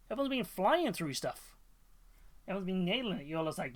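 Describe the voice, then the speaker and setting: A man's voice: sits high, expressive, fairly quick, a bit bright. A man hosting a livestream, chatting casually and enthusiastically about painted miniatures, rambling with fillers and restarts. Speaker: livestream host. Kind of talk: casual chat reacting to viewers' miniatures.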